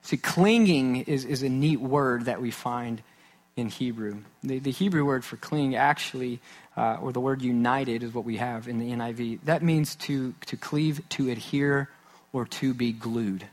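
A man in his thirties preaches a sermon in an earnest, conversational way. His voice sits at an ordinary middle pitch and often sinks to a soft, intense hush for emphasis. He acts out small everyday scenes as he goes. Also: moderate pace. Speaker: pastor.

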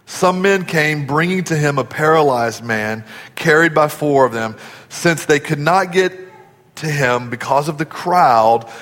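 A male pastor delivers an earnest sermon with a fairly high voice. He often sinks to a hushed, low tone for emphasis. His voice carries a long reverb from the church hall. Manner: earnest storytelling preacher, drops to a soft low voice for emphasis. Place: church auditorium.

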